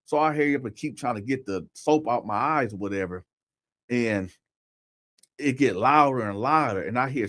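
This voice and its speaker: A man's voice: medium pitch, normal speed, fairly bright tone. A man telling a personal story in a casual, conversational way, often talking straight to his listeners and checking in with "right?". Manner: conversational, addresses listeners directly, repeats "right?".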